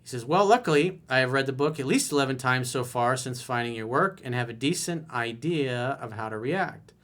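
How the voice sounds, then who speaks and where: A man's voice: medium pitch, brisk, fairly bright tone. A man as a dating coach, reading viewer emails aloud and answering them with blunt, casual, direct advice.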